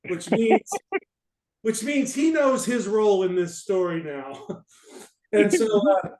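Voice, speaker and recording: Brief: high-voiced man, amused storyteller, stop-start delivery, echoey room. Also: animated, a little mellow. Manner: halting, many restarts, amused. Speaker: storyteller on a panel. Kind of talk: casual anecdote told to an audience.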